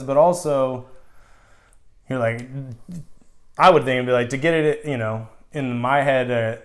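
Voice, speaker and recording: A man's voice: medium pitch, moderate pace, pauses often. Rambling Californian man, podcast chat. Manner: rambling, filler-heavy, acts out imagined reactions. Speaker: podcast co-host. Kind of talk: casual chat.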